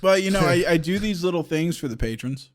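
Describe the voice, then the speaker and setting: A man's voice: a little high, lively intonation, fairly quick. Laughing, rambling male podcast co-host. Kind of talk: casual chat.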